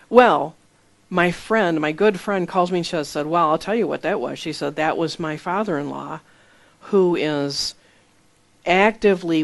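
A preacher giving a conversational sermon, reading scripture aloud and explaining it plainly through personal stories. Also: mid-range voice. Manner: earnest, reads scripture then explains it plainly; tells personal stories with small laughs. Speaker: Bible teacher.

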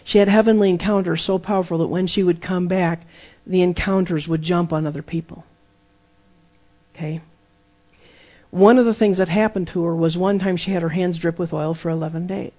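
A man's voice: sits high, fairly even intonation, normal speed, a little mellow. A man preaching a sermon, emphatic and repeating key phrases for effect. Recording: dull lo-fi sermon recording.

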